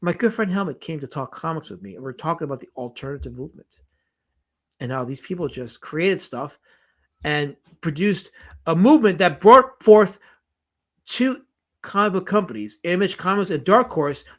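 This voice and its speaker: A man with a Southern US accent hosting a casual comics live stream, animated and jokey, repeating himself as he reads the chat aloud. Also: on the high side, moderate pace.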